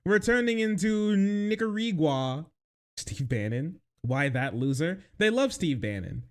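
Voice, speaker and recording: A young man streaming his reaction to news clips, mocking them loudly and crudely with bursts of laughter. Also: sing-song, measured pace. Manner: loud, mocking and crude, with frequent laughter and sudden high-pitched outbursts. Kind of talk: livestream reaction commentary.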